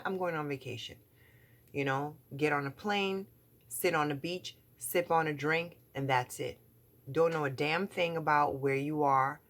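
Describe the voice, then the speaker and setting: A woman's voice: rumbling low, a bit bright. A middle-aged woman vlogging from home in casual chat, talking in a chatty, emphatic way with lots of fillers and repeated words. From New York.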